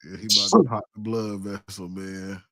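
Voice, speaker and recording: A man's voice: lowish voice, flat delivery, normal speed, pushed and bright. Laid-back man joking between laughs. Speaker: co-host. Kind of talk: casual sports watch-along chat.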